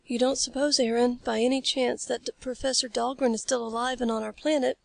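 A woman's voice: fairly high pitch, flat delivery, fairly quick, gravelly, dry recording. Impatient spirited young woman, as a reader voices her.

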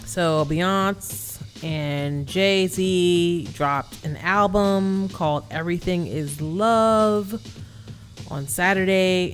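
Casual, animated woman podcast host. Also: fairly low pitch, slow, soft background music. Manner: animated, swears freely, lots of fillers. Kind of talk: casual chat.

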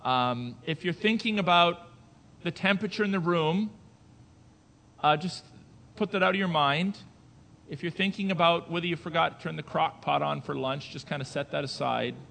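A pastor's slightly high, gravelly voice carries a long reverb tail as he delivers his sermon at a moderate pace. He swings from soft, chatty asides to booming declarations and poses rhetorical questions to his congregation.

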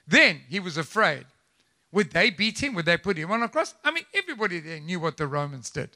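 A man preaching a live church sermon, animated and conversational, with frequent asides and rhetorical questions to the congregation. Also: high voice, brisk. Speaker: pastor. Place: church service.

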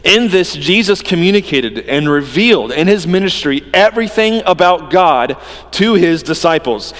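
A man preaching a sermon, earnest and emphatic, swinging between loud stresses and quiet drops. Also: sits high, animated, normal speed, long reverb tail.

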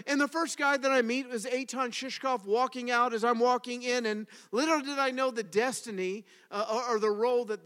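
A man preaching a sermon to his congregation, telling stories in an animated way and asking the audience questions. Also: very high voice. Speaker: pastor. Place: congregation hall. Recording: reverberant hall.

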